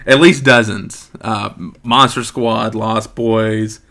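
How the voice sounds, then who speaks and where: A man's voice: lowish voice, fairly even intonation, takes it slowly, sharp tone. A man in his late thirties hosting a casual podcast chat, joking and rambling with frequent ums. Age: 30s. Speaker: podcast host.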